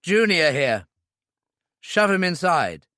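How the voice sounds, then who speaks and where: A man's voice: on the high side, sing-song, slow, pushed and bright, no room sound, clean studio sound, voice pushed up, exaggerated voice. A man voicing a hard, ruthless agent who gives curt, menacing orders in an audiobook. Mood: commanding. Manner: clipped, commanding, menacing. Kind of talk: audiobook character reading.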